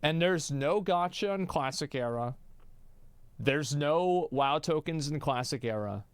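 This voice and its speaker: Swearing streamer guy reacting to a video, smooth clear voice, dry close mic, kinda high. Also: expressive, a little slow, no room sound. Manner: blunt, swearing, loud mocking outbursts. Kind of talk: casual reaction commentary.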